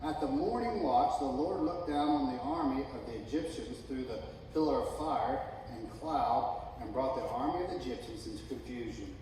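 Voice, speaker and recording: A man's voice: mid-range voice, normal speed, hardly any pauses, slight background noise. A middle-aged man preaching a sermon as pastor, reading scripture and talking with humor. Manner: reads scripture, then preaches with rising excitement and humor. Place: church sanctuary. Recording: echoey church hall from far off.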